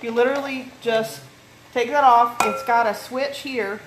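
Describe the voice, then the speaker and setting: A woman's voice: fairly high pitch, steady tone, unhurried, loud music behind the voice, low-quality recording. Chatty woman demoing kitchen gadgets. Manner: chatty, keeps checking in with "okay?". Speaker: home cook vlogger. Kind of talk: casual kitchen appliance demo.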